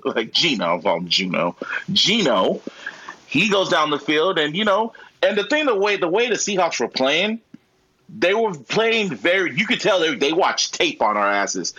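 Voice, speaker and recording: A man co-hosting a podcast in casual chat, animated and profane, acting out his own reactions with a husky voice. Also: on the high side, moderate pace, rough recording. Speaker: podcast co-host.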